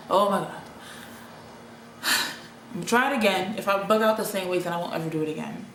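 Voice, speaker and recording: A woman's voice: lowish voice, quick pace, pauses often, a bit bright. Rambling woman in an echoey room. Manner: rambling, chatty, with frequent restarts and laughs. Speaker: vlogger. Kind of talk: casual vlog monologue to camera. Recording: echoey room with faint ambient noise.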